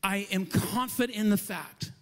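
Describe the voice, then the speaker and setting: Pastor guy preaching hard, kinda high voice, repeats stuff in rhythm, big echoey church hall. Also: moderate pace. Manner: impassioned preaching, swinging from loud emphasis to near-whispers; repeats phrases in rhythmic lists. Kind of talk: sermon. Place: church auditorium. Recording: long reverb of a large hall.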